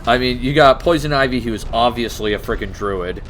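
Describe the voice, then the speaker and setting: Against slight background noise, this podcast co-host speaks briskly in a mid-range, fairly bright voice. He rambles through a relaxed tabletop-games chat, cursing offhandedly and laughing a lot.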